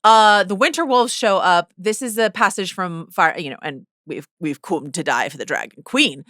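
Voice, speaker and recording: A woman's voice: lowish voice, moderate pace, pushed and bright, no echo, studio quality. A woman co-hosting a podcast, chatting casually, swearing freely and reading passages aloud. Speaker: podcast co-host. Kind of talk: casual chat.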